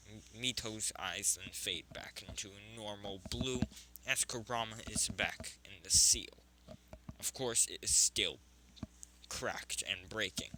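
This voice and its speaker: A man's voice: fairly low pitch, unhurried, sharp tone, slight background noise, rough recording. A man improvising a fan story narration, rambling with frequent self-corrections.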